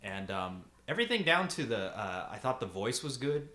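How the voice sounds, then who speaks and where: Lowish bright man in an echoey room. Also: big pitch swings, moderate pace. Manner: laughs easily, chatty. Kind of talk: casual movie podcast chat.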